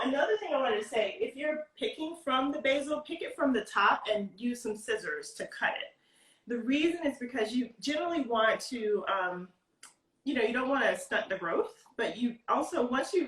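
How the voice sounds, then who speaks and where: A woman's voice: on the high side, a bit bright, echoey room, far from the mic, low-quality recording. A woman giving a casual cooking demonstration over a video call from her home kitchen, explaining tips step by step in a chatty way. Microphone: video call, stepping back from the device.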